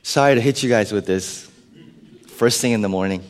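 A male pastor preaching a sermon to his congregation. He swings between loud emphatic lines and hushed, whispered asides. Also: fairly low pitch, normal speed. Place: church sanctuary. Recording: long hall reverb.

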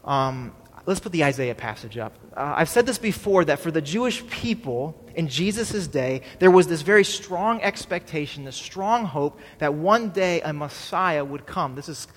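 A man's voice: on the high side, expressive, normal speed, a bit bright, big-room sound. A male pastor preaching a sermon in a conversational way, often checking in with the congregation and having them repeat his main point. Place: church.

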